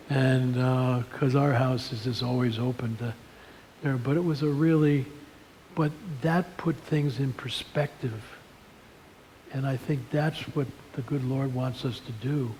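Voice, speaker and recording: A man giving a talk at a seminary lunch seminar, telling stories in a folksy, animated way. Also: medium pitch, a little slow, slight background noise, rough recording. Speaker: speaker at a seminar. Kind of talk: storytelling talk on leadership and faith.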